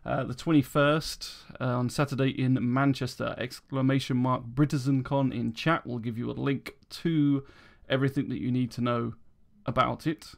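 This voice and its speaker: A man's voice: mid-range voice, fairly even intonation, moderate pace, creaky, few pauses. A British man hosting a casual podcast, making announcements in a laid-back way with plenty of ums and chuckles. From Britain. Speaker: podcast host.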